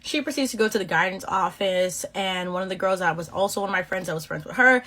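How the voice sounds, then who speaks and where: A woman in her twenties from Boston, telling a casual storytime vlog in a sassy, slangy, animated way. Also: on the low side, quick pace. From Boston, USA. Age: 20s. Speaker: beauty vlogger.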